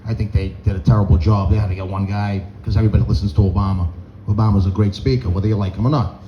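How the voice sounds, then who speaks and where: A man's voice: lowish voice, fairly even intonation, rapid-fire, highs cut off, background noise. Groggy, profane stand-up comedian man. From Boston North End. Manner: rambling, profane, laughing at own jokes. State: groggy on antihistamine. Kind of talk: stand-up storytelling.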